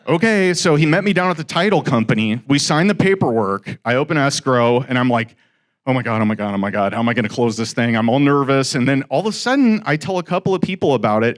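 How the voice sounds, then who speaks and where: Animated storytelling man, middle-aged. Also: medium pitch. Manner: animated, acts out quoted dialogue. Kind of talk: storytelling talk to a live audience.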